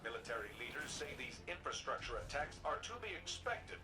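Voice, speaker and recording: A man voicing a formal news anchor in a video game, reading the city news in a crisp newsreader manner. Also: mid-range voice, sing-song, a little fast, sharp tone. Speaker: news announcer. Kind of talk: scripted broadcast narration.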